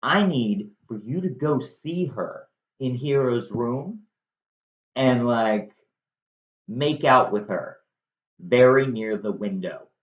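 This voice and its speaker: A sly, scheming villain, put on by a man murmurs his plans in a low, hushed voice. The recording is slightly muffled and sounds like a roomy space. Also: expressive, slow pace, pauses often. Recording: dull echoey room recording.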